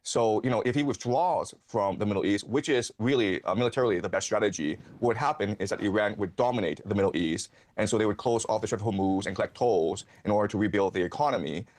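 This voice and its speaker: A man's voice: lowish voice, fast, few pauses, a little mellow. A man as a guest commentator giving political analysis, starting hesitantly and then explaining fluently.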